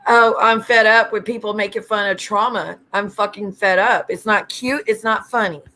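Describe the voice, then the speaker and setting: A woman's voice: medium pitch, steady tone, normal speed, pushed and bright. Woman livestream host, blunt, profane, ranting, chatty with viewers. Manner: blunt, profane, greets chat viewers by name. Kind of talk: casual livestream rant.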